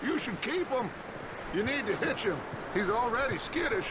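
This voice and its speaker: A commanding older outlaw boss, calm and measured, his voice sitting fairly high. Game ambience hisses clearly behind him. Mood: steady. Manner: calm, measured, reassuring authority. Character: commanding older male outlaw gang leader.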